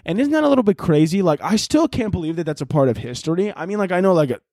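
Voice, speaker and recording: A man hosting a podcast alone, rambling through a crude comedic monologue and jumping into loud shouted bits. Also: high voice, lively intonation, very fast, no room sound, studio quality. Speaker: podcast host.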